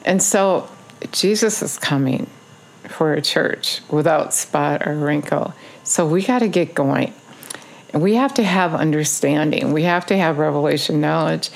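A woman's voice: deep voice, measured pace, creaky. A woman giving a casual video sermon, urging listeners in earnest, repetitive phrases with frequent ums. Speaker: online preacher.

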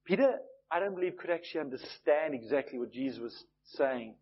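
A man's voice: on the high side, animated, a little fast, breathy edge. A man preaching a sermon in a conversational, storytelling way, acting out the voices he quotes. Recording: dull lo-fi recording.

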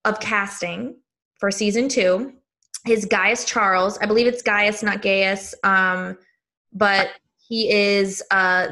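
A woman with a Midwestern American accent co-hosts a podcast, chatting casually and enthusiastically about a TV show and often trailing off mid-thought. Her medium-pitched voice is slow and fairly even in intonation, with a bright, forceful tone.

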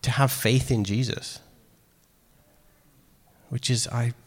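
A man preaching a sermon in a casual, animated way, acting out quoted lines. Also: mid-range voice, takes it slowly. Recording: long hall reverb.

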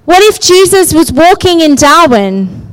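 A woman preaches with a very high voice, taking her time over her words. Her delivery is conversational, and she keeps checking in with the room as she goes. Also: big pitch swings, unhurried, low-quality recording. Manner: conversational, often checking in with the listeners. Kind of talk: sermon.

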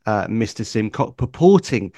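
A man's voice: lowish voice, very animated, moderate pace, dark tone, dry recording, clean studio sound. A man with a northern English accent, a racing journalist chatting as a guest on a podcast, with lots of ums and uhs. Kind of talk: casual interview chat.

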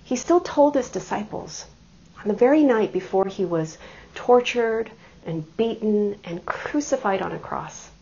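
This sermon comes from a middle-aged woman with a husky, medium-pitched voice, animated yet a little slow. She warmly recounts her own experiences, laughing and poking fun at herself, then moves to scripture. The recording sounds muffled.

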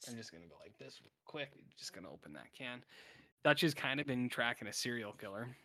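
Guy on a podcast going over a tv episode, bright tense voice, rambles and does the characters' lines. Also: mid-range voice, big pitch swings, brisk. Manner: rambling, self-interrupting, acts out characters' lines. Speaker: podcast co-host. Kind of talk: casual episode recap chat.

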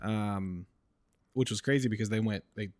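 A man co-hosting a podcast in casual chat, teasing his friend in a dry, low-key way. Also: moderate pace, a little mellow, no echo. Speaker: podcast co-host.

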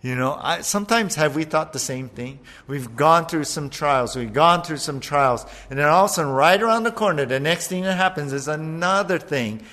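A man preaching a sermon as pastor, animated, acting out voices as he retells a passage. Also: on the high side, normal speed, few pauses. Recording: long hall reverb.

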